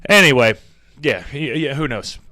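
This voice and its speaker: A man hosting a podcast, telling a comic story in a rambling, animated way full of fillers and casual swearing. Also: medium pitch, moderate pace. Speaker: podcast host.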